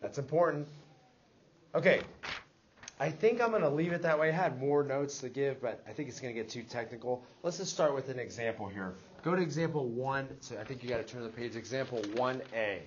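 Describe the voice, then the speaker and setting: A man's voice: medium pitch, a little fast. Man, math teacher, classroom, questioning, checks on students, dull lo-fi sound, faint noise. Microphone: classroom recording device.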